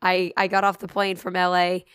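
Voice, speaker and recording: A woman with a hoarse voice that is nearly gone, swearing and making fun of herself while chatting as a podcast co-host. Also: on the low side, completely flat delivery, normal speed, fairly bright tone, dry recording, clean studio sound. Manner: swears freely, self-mocking. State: hoarse, losing her voice. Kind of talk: casual chat.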